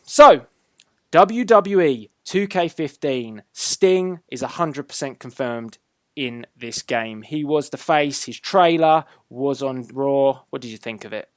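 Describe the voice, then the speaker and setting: A man's voice: mid-range voice, expressive, takes it slowly, no room sound. A man hosting a casual wrestling chat show, upbeat and teasing, drawing out his announcements. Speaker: host.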